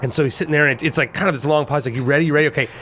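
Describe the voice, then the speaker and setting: Male podcast host, fast and sharp-toned, joking banter, faint hiss behind. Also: fairly high pitch. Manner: quick, joking interjections and banter. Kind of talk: casual chat.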